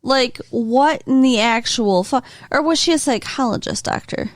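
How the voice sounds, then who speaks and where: A woman co-hosting a movie podcast in casual chat, wry and teasing with quick asides. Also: a little high, no echo. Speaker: podcast co-host.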